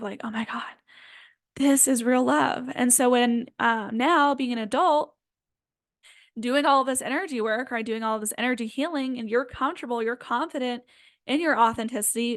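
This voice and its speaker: A woman energy healer giving casual spiritual guidance in a gentle, rambling way with many fillers. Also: fairly high pitch, no room sound, studio quality.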